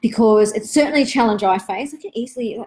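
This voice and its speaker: A woman, hosting a live online Q&A for parents in a gentle, reflective, chatty way with many asides. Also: on the high side, fast, rough recording.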